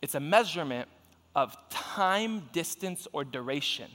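A man preaching a lively, joking sermon, talking straight to his congregation. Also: on the high side, measured pace. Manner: joking, animated, talks to the congregation. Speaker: pastor. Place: large church hall with audience. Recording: long reverb of a large hall.

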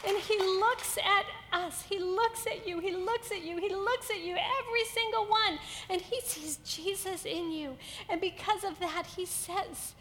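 A woman preaches with a very high voice in an earnest, repetitive style. Her words ring out with a long hall reverb, and a faint noise sits underneath. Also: measured pace, few pauses, fairly bright tone. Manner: earnest, building to emphatic repetition. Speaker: pastor. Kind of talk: sermon to a women's gathering.

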